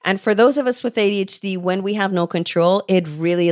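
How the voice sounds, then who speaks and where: A woman's voice: mid-range voice, brisk, over music. A woman in her forties from Canada, an ADHD coach telling her own story in an interview, acting out remembered dialogue. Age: 40s. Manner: expressive, acts out quoted dialogue.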